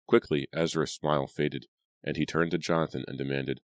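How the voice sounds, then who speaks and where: Measured male narrator with a very low voice, dry and close. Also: fairly even intonation, dry recording. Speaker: audiobook narrator. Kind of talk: scripted narration.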